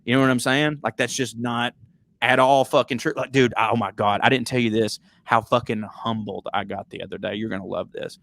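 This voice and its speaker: A man's voice: medium pitch, brisk, vocal fry. A man with a Southern American accent co-hosting a podcast, telling stories in casual comedic chat with lots of profanity. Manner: profane, storytelling, animated tangents. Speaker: podcast co-host.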